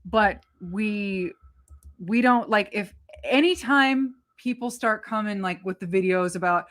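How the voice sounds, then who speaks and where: A woman's voice: mid-range voice, a little slow, fairly bright tone. A woman co-hosting a movie talk show, chatting casually in a blunt, frank way. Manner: blunt, frank, lightly profane. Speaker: co-host. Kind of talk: casual chat.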